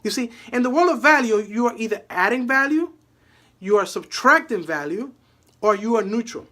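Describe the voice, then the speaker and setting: A man's voice: very high-pitched, expressive, normal speed, sharp tone. A man telling a motivational story to an audience, emphatic and fond of repeating his key phrases. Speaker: motivational speaker.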